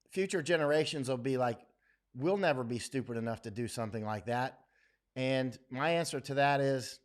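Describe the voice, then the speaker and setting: A middle-aged man speaks in a casual, unscripted livestream style. His voice sits at a mid pitch, and he is blunt and opinionated. He often lets his phrases sink low and quiet as he finishes a point. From United States. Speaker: livestream host.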